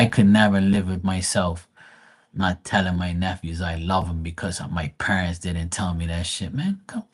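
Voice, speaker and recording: A middle-aged man hosts a casual livestream in a somewhat low voice. He talks bluntly and curses often. When he quotes his relatives, he slips into little imitations of them. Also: slightly rough. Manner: blunt and profane, swearing freely; mimics family members in quoted voices. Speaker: livestream host.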